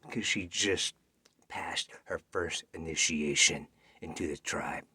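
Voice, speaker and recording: A man's voice: a bass voice, measured pace, bright, forceful tone, husky, no echo, studio quality. A man auditioning with a dramatic scary story, dropping into whispers for suspense. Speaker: actor auditioning. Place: home self-tape.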